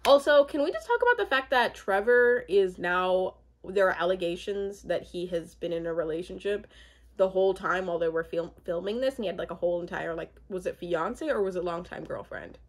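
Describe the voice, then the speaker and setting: A woman's voice: fairly low pitch, expressive, brisk. A young woman in casual chat, rambling with many fillers and asides as she recaps a reality show.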